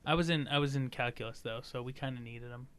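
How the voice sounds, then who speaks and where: A man's voice: medium pitch, fast talker, a bit bright, clear, resonant tone. A young man hosting a casual podcast chat, rambling and joking, swearing freely. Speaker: podcast host.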